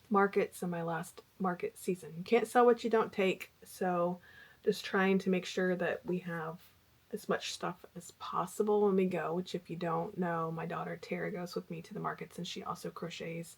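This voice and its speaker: Chatty husky-voiced woman crafter. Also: on the low side, fairly even intonation, moderate pace. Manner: chatty, rambling, with fillers. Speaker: crochet vlogger. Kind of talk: casual chat.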